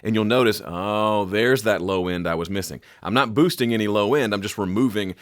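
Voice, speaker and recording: A man, middle-aged, teaches audio mixing in a relaxed, joking way, now and then mimicking sounds with his voice. His voice sits a little low. The sound is close and dry, with no room around it. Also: a little fast, no echo. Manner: animated, jokey, makes vocal sound effects. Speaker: music production teacher. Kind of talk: casual instructional talk to camera.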